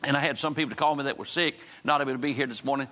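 A man's voice: medium pitch, steady tone, racing, bright, forceful tone. A man preaching a sermon, moving from folksy storytelling to fervent preaching and prayer. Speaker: pastor.

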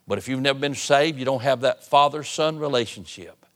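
Man, pastor, sermon, emphatic preaching, loud appeals, hushed tones, middle pitch. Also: brisk. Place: church sanctuary.

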